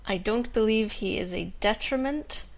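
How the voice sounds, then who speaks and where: A woman's voice: fairly high pitch, moderate pace, close to an everyday voice. A woman voicing a blunt male cyborg space marine who answers in a plain, matter-of-fact way.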